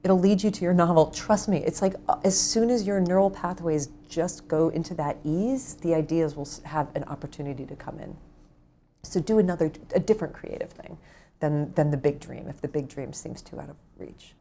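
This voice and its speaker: A woman's voice: low-pitched, brisk, slight background noise. A middle-aged woman author talking earnestly and intimately about self-compassion in a casual conversation. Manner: earnest, warm, gently intimate. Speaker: author guest.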